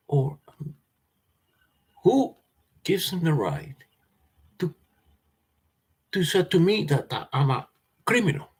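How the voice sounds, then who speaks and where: Telling a meandering personal story, this man keeps restarting sentences and repeating words, swearing in agitation and laughing frequently. His pitch is on the high side with big swings, and he speaks slowly with long pauses and a breathy edge.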